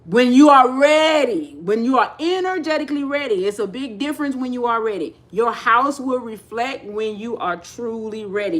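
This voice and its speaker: Talking casually on her spiritual livestream, a high-voiced, middle-aged woman stays animated throughout. She tends to repeat herself and gives quoted speakers their own voices.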